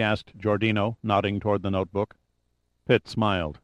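A man reads an audiobook in scripted narration, keeping his delivery measured and even. His pitch is fairly low, and there's no echo.

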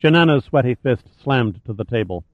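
A man reading an audiobook in a measured, even voice. The sound is narrow and phone-like, like a telephone line. The recording is completely dry, with no room around the voice. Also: mid-range voice, dry recording. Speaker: audiobook narrator. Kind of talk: scripted narration.

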